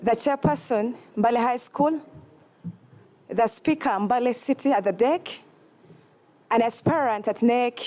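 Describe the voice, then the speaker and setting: A young woman with a Ugandan accent delivers a student campaign speech in a high voice. She talks slowly and earnestly, halting and apologizing as she goes. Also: a little mellow. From Eastern Uganda. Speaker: student election candidate.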